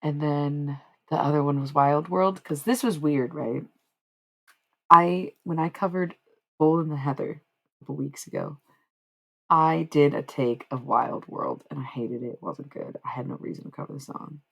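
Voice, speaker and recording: A woman's voice: deep voice, moderate pace, vocal fry, fairly bright tone, husky. A woman livestreaming, chatting casually to her viewers in a rambling, slangy, frank way. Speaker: livestreamer and singer.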